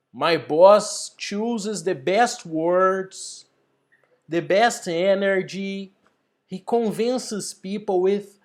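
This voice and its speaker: A man teaching an English lesson over a video call, slow and deliberate, building up example sentences. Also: high-pitched.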